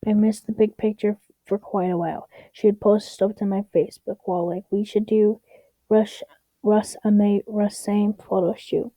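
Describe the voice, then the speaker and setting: A woman's voice: mid-range voice, level tone, moderate pace, mellow, dry recording, low-quality recording. Young woman casually reading stories aloud. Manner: stumbles and restarts while reading, wry asides. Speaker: story reader.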